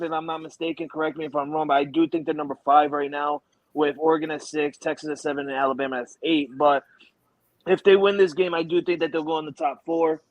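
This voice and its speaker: A man co-hosting a sports prediction show, talking in an excitable, rambling way and laughing easily. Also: fairly high pitch, no echo, poor audio. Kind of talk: animated casual sports banter.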